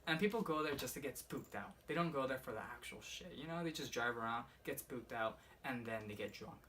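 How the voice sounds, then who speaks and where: A young man casually rambling through a personal ghost story for his vlog, swearing often and filling every pause with "like". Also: mid-range voice, expressive, pushed and bright. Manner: rambling, profane, heavy use of "like". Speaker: vlogger. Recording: slightly distant mic with faint room noise.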